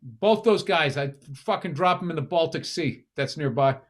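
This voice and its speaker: A middle-aged man with a Boston accent who talks in a fairly high register. He co-hosts a casual podcast, and his stories are profane and heated. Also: expressive, normal speed. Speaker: podcast co-host. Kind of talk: casual chat.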